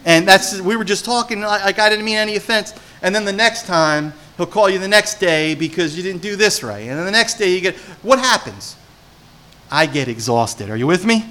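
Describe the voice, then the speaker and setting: In a high voice at a moderate pace, a New Jersey man preaches as pastor, animating his stories and posing questions to the congregation.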